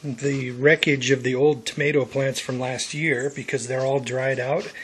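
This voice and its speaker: A man's voice: mid-range voice, flat delivery, measured pace. Man, casual vlog monologue, thinking aloud with fillers, outdoors on a deck, camera mic, faint hiss. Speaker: home gardener vlogger.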